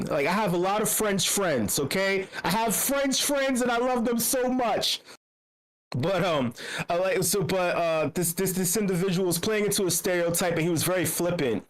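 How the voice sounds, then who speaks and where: A man's voice: high-pitched, poor audio. A man hosting a meetup in a voice channel, telling a rambling, profane story, laughing often and sick with a cough. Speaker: meetup host.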